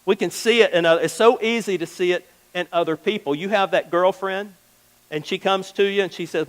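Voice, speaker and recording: A man's voice: fairly high pitch, fairly quick, poor audio. A male pastor giving a sermon in a conversational way, acting out little everyday exchanges as he goes. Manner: conversational preaching, acts out little quoted exchanges. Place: church.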